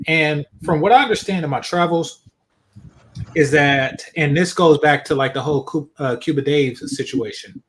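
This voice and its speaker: A man's voice: a little high, a little hiss or hum, poor audio. A man joining a livestream as a guest, explaining his opinion earnestly with many "um"s. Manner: earnest, explains with fillers and restarts. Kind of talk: casual livestream chat.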